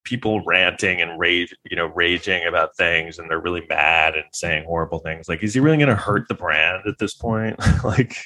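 Man with a lowish voice for a chatty vlog, loose and sarcastic, heavy on fillers. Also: steady tone, moderate pace, hardly any pauses, bright, forceful tone. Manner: rambling, heavy use of filler words; sarcastic, incredulous. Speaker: vlogger giving trial commentary. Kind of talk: casual rambling commentary.

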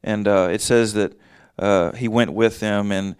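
A man's voice: on the low side, steady tone, unhurried, darkish tone, clear, resonant tone, no room sound, studio quality. A man giving a casual Bible teaching, reading verses aloud and then explaining them in plain, conversational talk.

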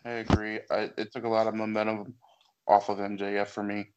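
A man co-hosting a chat show, giving measured, analytical opinions in casual talk. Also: lowish voice, completely flat delivery, darkish tone, muffled recording. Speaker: podcast co-host.

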